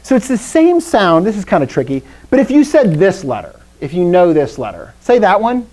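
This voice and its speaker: Lively, chatty woman teaching. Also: lowish voice, moderate pace. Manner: lively, chatty, quizzes the class, jokes. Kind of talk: live classroom lesson.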